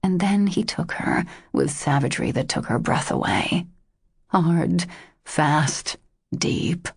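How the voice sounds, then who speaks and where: Low, husky female romance narrator. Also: lively intonation, takes it slowly, no room sound, clean studio sound. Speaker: audiobook narrator.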